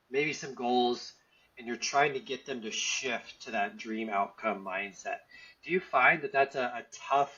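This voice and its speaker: A male podcast host asking casual, rambling questions and reacting with quick approval. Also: medium pitch, fairly bright tone. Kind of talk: conversational interview. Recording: dull lo-fi audio.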